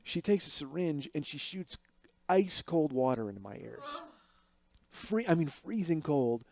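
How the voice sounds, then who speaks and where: A man's voice: a little high, lively intonation, a little slow, vocal fry, a little mellow. A middle-aged man telling a comic story as a podcast host, acting out other people's voices as he goes.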